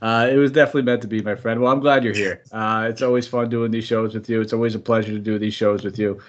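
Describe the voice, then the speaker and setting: A man's voice: fairly low pitch, steady tone, fast, lo-fi sound. A man hosting a podcast, upbeat and chatty, running through sports analysis and sometimes tripping over names. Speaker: podcast host.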